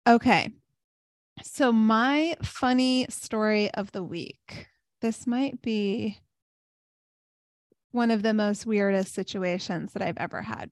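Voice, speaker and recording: A young woman on a yoga podcast, an animated storyteller who laughs often and fills her talk with "like". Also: medium pitch, slow pace, pauses often, no echo, studio quality. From South Florida. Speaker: podcast co-host, yoga teacher. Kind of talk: casual chat, storytelling.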